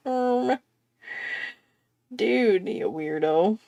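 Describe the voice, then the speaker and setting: A woman's voice: high voice, big pitch swings, slow, creaky, pauses often, darkish tone, no room sound. A woman chatting casually while she draws on a livestream, self-mocking and laughing often. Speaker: artist hosting a drawing livestream. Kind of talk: casual chat while drawing.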